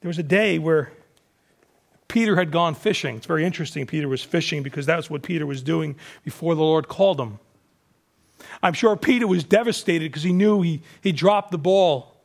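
A man preaching a sermon, animated, acting out the disciples' voices and dropping to a hushed, slow voice for emphasis. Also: on the high side, creaky. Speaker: pastor.

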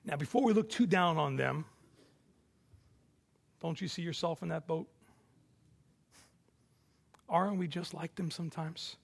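A male pastor preaching a sermon, moving between hushed reflection and forceful declarations. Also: a little high, measured pace, creaky, pauses often, slightly rough.

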